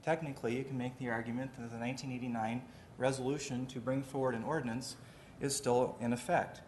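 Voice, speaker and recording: A man, the mayor, giving a measured, deliberate formal address at a city committee meeting in a council chamber. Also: mid-range voice, steady tone, darkish tone, a little hiss or hum.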